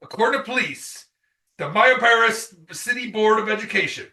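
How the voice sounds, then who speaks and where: A man from Michigan hosting a casual podcast, reading news stories aloud and riffing on them with rambling, profane, sometimes shouted commentary. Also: high-pitched, animated, a little fast, echoey room, distant mic. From Michigan, USA. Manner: profane, rambling, loud outbursts.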